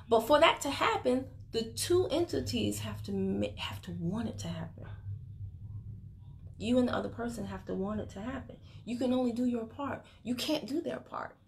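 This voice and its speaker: A woman with a slightly high voice talks straight into her phone on a livestream, coaching her sales team. She is chatty and teasing, slipping from firm advice into playful asides. Her motivational talk is loose and unscripted. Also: moderate pace, gravelly, slight background noise. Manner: chatty, teasing, breaks into laughter. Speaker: network marketing team leader. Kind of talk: motivational Facebook Live talk.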